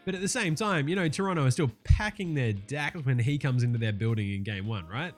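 Sweary excitable Australian podcast host. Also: male voice, medium pitch, brisk, faint music behind. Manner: profane, excitable, laughing rants. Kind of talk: casual sports podcast chat.

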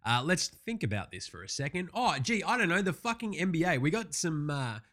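A man's voice: on the high side, very animated, brisk, fairly bright tone. A man with an Australian accent hosting a casual sports recap, swearing freely, ranting and sarcastic. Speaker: sports podcast host.

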